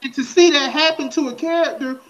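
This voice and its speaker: A man's voice: very high voice, brisk, lo-fi sound. A man co-hosting a podcast in casual chat, emphatic and profane, often circling back to repeat his points. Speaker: podcast co-host.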